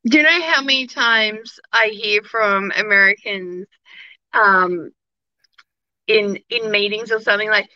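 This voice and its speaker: Bright Australian woman on a dull line. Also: mid-range voice, measured pace, no room sound. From Melbourne, Australia. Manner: frank and chatty, laughs easily. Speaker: actor and guest. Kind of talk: casual interview chat.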